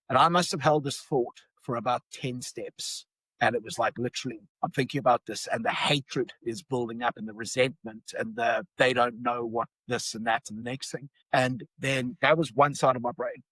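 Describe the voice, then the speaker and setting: A man's voice: mid-range voice, fairly bright tone, breathy edge, no echo, poor audio. Rambling South African man telling a story. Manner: rambling, many restarts and fillers. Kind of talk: casual storytelling.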